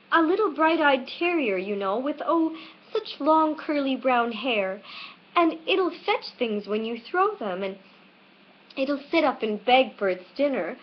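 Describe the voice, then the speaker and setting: A woman's voice: high-pitched, voice pushed up. A polite, eager little girl from a storybook, voiced by a woman reading aloud. She chatters on earnestly in a raised, girlish voice. The recording is dull and lo-fi, made on a webcam.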